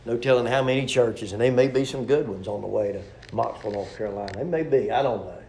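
Gravelly preacher, folksy and rhetorical. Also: male voice, medium pitch, quick pace, a little mellow, reverberant, a little hiss or hum. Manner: folksy, rhetorical, storytelling with humor. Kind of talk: sermon.

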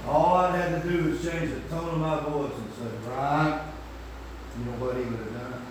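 Older guy preaching, high voice, yells then goes quiet, super echoey room, mic far off. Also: steady tone, a little fast, noisy background. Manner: swings from shouted to hushed. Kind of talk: sermon.

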